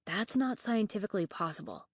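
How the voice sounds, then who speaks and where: A woman voicing a nervous, bookish young male dragon in an audiobook, talking in anxious, rapid reasoning and stammers. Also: medium pitch, expressive, no room sound, studio quality, close to an everyday voice. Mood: panicked. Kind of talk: audiobook character voice.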